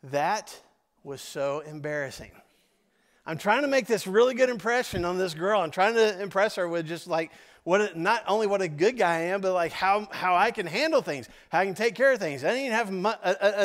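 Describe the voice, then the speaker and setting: Storytelling pastor with a drawl, reverberant hall. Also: male voice, high voice, brisk, a bit bright. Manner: conversational storytelling with asides to the audience. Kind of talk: sermon story told to a congregation.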